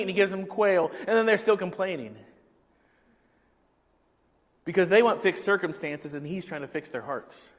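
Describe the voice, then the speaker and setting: A man's voice: high-pitched, normal speed, pauses often, long reverb tail. A man preaching a sermon as pastor, talking conversationally and asking the congregation questions.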